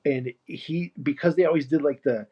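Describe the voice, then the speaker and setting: A man with a husky, fairly high-pitched voice talks at a moderate pace while painting on a live stream. He rambles in an easygoing, casual way and laughs often, all through a muffled lo-fi stream mic.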